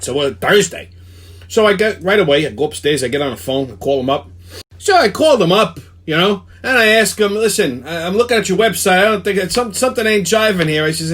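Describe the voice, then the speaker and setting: A man's voice: high-pitched, a bit bright. A man, hosting a ranting weekly commentary, heated and swearing constantly. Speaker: show host.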